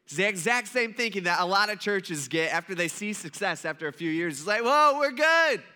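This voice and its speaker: Bright, high-voiced preaching man. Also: fairly quick. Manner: conversational, acts out quoted voices. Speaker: pastor. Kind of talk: sermon.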